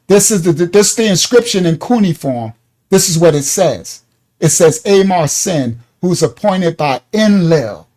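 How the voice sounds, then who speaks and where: High-voiced, excitable male Bible teacher. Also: measured pace. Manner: excitable, gets loud, keeps checking in with listeners.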